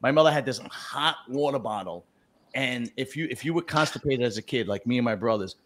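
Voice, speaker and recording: A middle-aged man hosts a casual chat over a video call and tells rambling family stories with loud, crude energy. He swears freely, and his voice sits at an ordinary pitch. A faint hiss runs under his voice. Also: expressive, brisk. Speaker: host.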